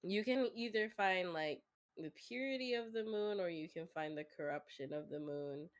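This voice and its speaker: A woman chatting casually while drawing on a stream, speaking softly because she is sick, with an occasional cough and frequent giggles. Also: lowish voice, normal speed. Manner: soft-spoken, giggly. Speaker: guest streamer.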